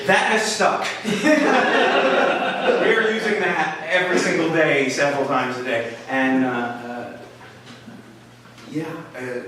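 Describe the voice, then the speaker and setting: A man telling a comic personal story at a live story slam, halting and full of fillers, with a wry, self-mocking manner. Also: a little high, a crowd in the background. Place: small live venue with an audience. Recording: echoey room, mic far off, faint hiss.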